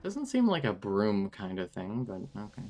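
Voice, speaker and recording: A woman's voice: extremely low pitch, wildly swooping pitch, normal speed, warm tone, a little hiss or hum. A woman streaming a video game live, commenting with wry, joking asides.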